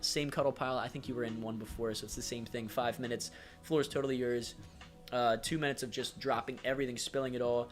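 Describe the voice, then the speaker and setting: A man hosting a casual livestream, speaking affectionately and supportively with many fillers, reading viewer comments aloud. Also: medium pitch. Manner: reads chat comments aloud. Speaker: livestream host.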